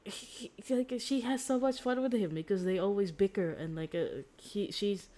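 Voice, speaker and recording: A young woman streaming from home, casually retelling a story in a rambling, excitable way, with lots of "like" and restarts. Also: medium pitch, moderate pace. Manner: giggly, excitable.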